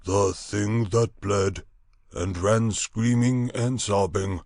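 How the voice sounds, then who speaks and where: A man voicing a hairy grey beast-man in an audiobook, who speaks in slow, grave pronouncements. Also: on the low side, steady tone, a little mellow, dry recording, studio quality, pitched above the performer's own voice. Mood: solemn.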